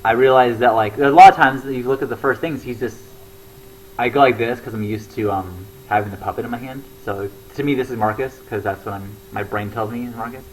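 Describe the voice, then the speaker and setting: A man's voice: medium pitch, fairly quick, a little hiss or hum, rough recording. A young man talking casually to camera, rambling with lots of fillers and restarts. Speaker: comedy show regular.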